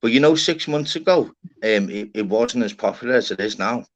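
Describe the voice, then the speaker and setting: A man rambles casually on a live stream, swearing freely and tagging "innit" and "lad" onto his sentences. His voice sits at an ordinary pitch. The sound is muffled and lo-fi, like a dull stream feed. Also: animated, a little fast. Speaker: livestream host. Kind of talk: casual chat. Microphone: live stream panel, online call.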